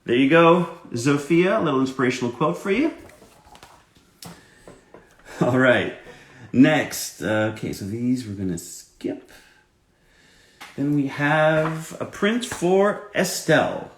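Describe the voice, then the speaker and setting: Slow, lively-pitched man chatting while signing. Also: echoey room, a little hiss or hum. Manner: self-deprecating, chats while drawing and writing. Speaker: voice actor signing autographs. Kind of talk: live autograph-signing chat.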